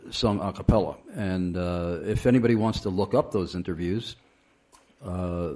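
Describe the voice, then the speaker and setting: A man hosting a radio interview, talking in a deliberate way with frequent pauses and fillers. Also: sits low, a little mellow. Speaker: radio show host. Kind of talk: interviewing a guest on a radio show.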